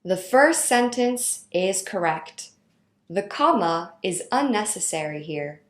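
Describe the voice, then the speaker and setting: Woman teaching grammar, slow and careful, voice bouncing up and down, bit of room echo. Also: medium pitch, expressive. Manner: slow, clear instructional delivery. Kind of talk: scripted lesson narration.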